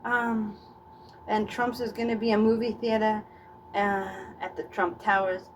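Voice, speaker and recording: A woman's voice: medium pitch, little pitch movement, measured pace, slight background noise, poor audio. A middle-aged woman giving a scattered, self-mocking comic monologue to camera. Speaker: vlogger.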